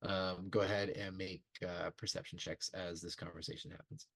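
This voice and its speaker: A man runs a tabletop game, narrating scenes in a halting way full of fillers. His voice is very deep and low. The sound is dry and close to the mic. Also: flat delivery, gravelly, fairly bright tone, no room sound. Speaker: game master.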